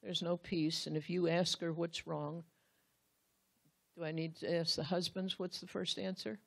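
A woman's voice: lowish voice, level tone, unhurried, creaky, dry recording. A woman Bible teacher giving a sermon, speaking earnestly and straight to the husbands in the room, acting out the quotes she reads.

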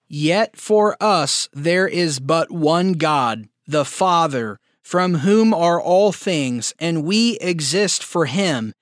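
A man preaching in a slow, deliberate cadence, pressing each phrase of scripture home. His voice sits high and comes across smooth and resonant. The recording is close and dry, with no room sound. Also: no room sound. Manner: slow, emphatic scripture reading. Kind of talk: sermon.

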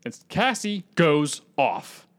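A man co-hosting a podcast, chatting casually and retelling a film's plot in an animated way, jumping into characters' lines with put-on voices. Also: on the high side, slow pace. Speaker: podcast co-host. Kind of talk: casual movie-rewrite chat.

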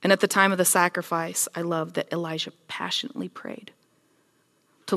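A woman delivers a sermon in a relaxed, chatty way and retells the scripture as a story. She voices the people in it as she goes, and her voice sits a little low. The sound carries a long reverb, like a large hall. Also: moderate pace, gravelly. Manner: casual, storytelling, animated with voiced quotes. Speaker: preacher.

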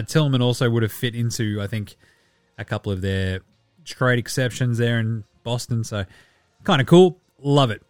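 A man hosting a casual sports podcast, joking and swearing as he runs through the news and now and then slips into quick mock voices for the people he talks about. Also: medium pitch, dry recording, clean studio sound. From Australia. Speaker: podcast host.

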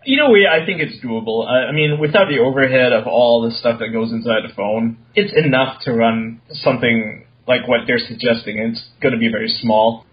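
A man's voice: mid-range voice, moderate pace, hardly any pauses, highs cut off. A man co-hosting a casual gaming podcast, confidently explaining hardware details. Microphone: online call.

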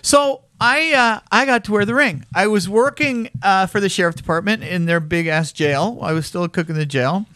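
A man's voice: high voice, moderate pace, hardly any pauses, clear, resonant tone, no room sound, clean studio sound. A middle-aged man on a podcast telling a long personal story in casual chat, acting out the voices of the people in it. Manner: animated, acts out voices in his story.

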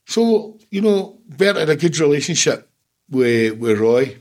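A man's voice: a little high, very animated, measured pace, a little mellow. A Scottish man in his seventies, a former football manager, telling stories in a casual interview, blunt and swearing freely with laughs between. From Scotland. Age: 70s.

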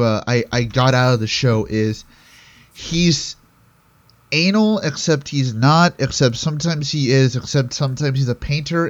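A man's voice: mid-range voice, dull audio. A man chatting casually about a TV show, hesitant at times, dropping dry joking asides. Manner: hesitant, dry jokey asides, laughs at his own remarks. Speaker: co-host discussing a TV show. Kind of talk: casual chat.

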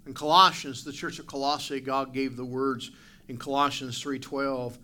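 Bright-voiced male pastor preaching. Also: mid-range voice, moderate pace. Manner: animated preaching, acts out barking dog and asides to the congregation. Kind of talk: sermon. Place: church sanctuary.

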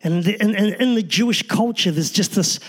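A man's voice: high-pitched, a little fast, breathy edge. A man, a pastor, preaching a sermon in an earnest, emphatic way with short repeated phrases.

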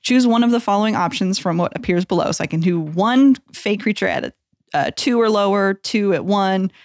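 A woman's voice: mid-range voice, brisk, a little mellow, dry recording, studio quality. Woman player reading out game rules. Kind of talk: casual tabletop play.

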